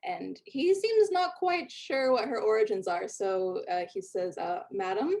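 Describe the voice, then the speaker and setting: A woman narrating a tabletop game as game master, relaxed, with frequent fillers. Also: medium pitch, measured pace.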